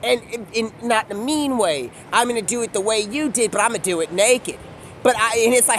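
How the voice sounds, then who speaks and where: A man's voice: high voice, a little fast, background noise. A man talking in a casual, rambling monologue, free-associating from one thing to the next in slangy speech. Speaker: video creator.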